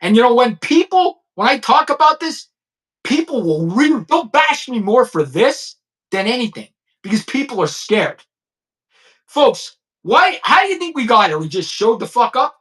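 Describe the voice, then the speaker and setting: Profane, ranting man with lively pitch. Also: moderate pace. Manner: blunt, profane, emphatic. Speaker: crime and news commentator, former police chief. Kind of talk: ranting commentary.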